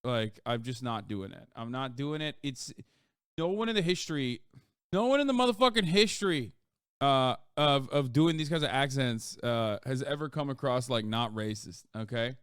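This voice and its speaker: A male streamer talks in loose, profanity-laced chat that climbs sharply in pitch whenever he gets heated. His voice is smooth and resonant, and the recording is close and dry with no room sound. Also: normal speed, no room sound. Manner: profane, rambling, with sudden loud jumps in pitch. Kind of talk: casual live-stream chat.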